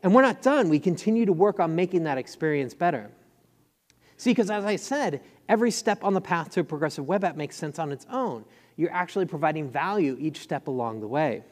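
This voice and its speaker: A man giving a conference talk, quick and excited, with lots of fillers. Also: on the high side. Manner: fast, enthusiastic, filler-heavy. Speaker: conference speaker. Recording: long hall reverb.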